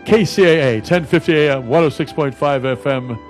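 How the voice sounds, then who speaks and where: A man's voice: on the high side, brisk, faint music behind. A man hosting a casual radio talk show, rambling in a folksy way with many fillers and restarts. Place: radio studio.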